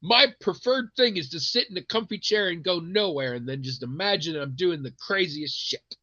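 A man co-hosting a podcast in casual chat, telling stories animatedly with quick restarts and putting on voices now and then. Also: on the high side, bright, forceful tone, dry recording. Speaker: podcast co-host. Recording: dry, slightly muffled mic.

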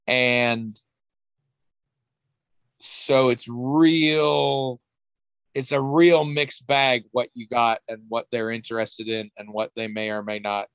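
Male co-host, mid pitch, dry close sound, rambling wry chat with restarts. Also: slow, fairly bright tone, clear, resonant tone, no echo. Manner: rambling, self-interrupting, wry, swears casually. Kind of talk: casual chat.

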